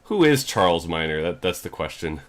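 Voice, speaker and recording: A young male streamer talks through a puzzle game, thinking aloud and muttering to himself. His voice sits on the lower side but moves through a lively, wide range. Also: fairly quick. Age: young adult. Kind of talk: casual gameplay commentary.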